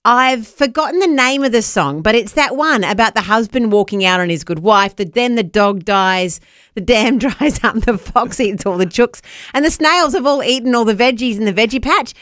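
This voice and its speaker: A woman's voice: on the high side, moderate pace, a bit bright, no echo, studio quality. An Australian woman co-hosting a radio show, chatting casually and laughing often. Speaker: radio co-host.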